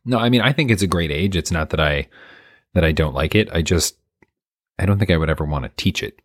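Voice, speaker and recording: A man co-hosting a casual chat, candid and reflective, reacting with quick exclamations. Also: low-pitched, animated, no room sound, clean studio sound.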